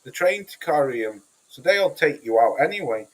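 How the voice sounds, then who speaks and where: A man's voice: mid-range voice, animated, moderate pace, poor audio. Blunt, sweary Cheshire man on a livestream. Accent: Cheshire English. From Cheshire, England. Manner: blunt, sweary, rambling with many restarts. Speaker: livestream host. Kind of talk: casual livestream chat reading comments.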